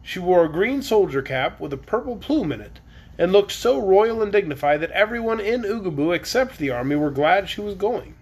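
A man's voice: high-pitched, lively intonation, normal speed, slightly rough. A man reading a children's chapter book aloud on a live stream, with casual, chatty asides between chapters.

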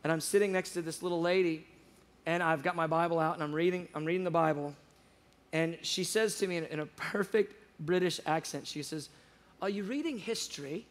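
A man telling a personal faith story in casual chat, animated and acting out the dialogue, with frequent restarts. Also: a little high, fairly quick. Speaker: guest speaker on prayer show.

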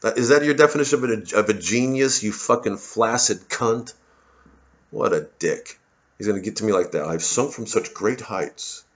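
A man's voice: fairly low pitch, moderate pace, a bit bright, muffled recording. A male comedian in a profane, rambling, sarcastic monologue to camera, with many restarts.

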